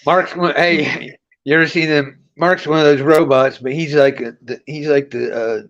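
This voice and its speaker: A man's voice: on the high side, fairly even intonation, moderate pace, a bit bright, muffled recording. A man chatting casually on a live stream, rambling and swearing, often breaking into laughter. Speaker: co-host.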